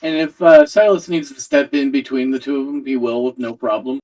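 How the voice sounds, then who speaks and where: A man playing a tabletop game, measured and formal when in character. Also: medium pitch, mellow, recorded from a distance. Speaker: player.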